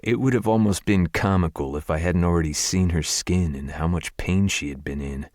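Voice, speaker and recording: A man's voice: deep voice, moderate pace, darkish tone, no room sound, studio quality. A male narrator reading a first-person romance audiobook with a wry, confiding inner-monologue manner.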